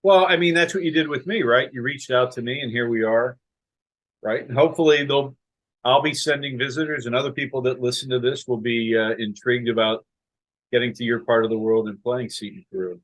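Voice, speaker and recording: A man's voice: mid-range voice, a little fast, a bit bright, low-quality recording. A man from the United States hosts a podcast interview, talking casually with many fillers and "right?" tags. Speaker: podcast host.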